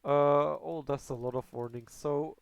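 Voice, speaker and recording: A man's voice: on the high side, fairly even intonation, a little slow, vocal fry, clear, resonant tone, no echo, lo-fi sound. A man giving casual, hesitant live commentary on an online racing league, thinking aloud as he goes. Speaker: race commentator. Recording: music playing behind.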